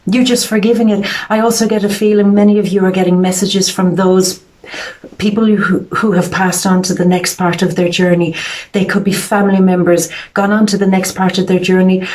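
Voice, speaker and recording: A woman's voice: medium pitch, a little mellow. A woman giving a psychic tarot reading in an earnest, emotional way, often repeating her words. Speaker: tarot reader.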